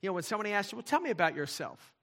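This pastor has a high-pitched voice and races through his sermon with great animation. Keeping a conversational tone, he drops into quiet asides and then rises to loud, emphatic declarations.

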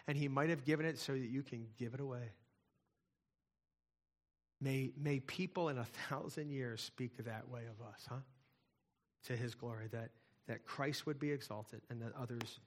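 A middle-aged male pastor preaching in a conversational way, moving from hushed asides to loud, fervent passages. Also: mid-range voice. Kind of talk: sermon.

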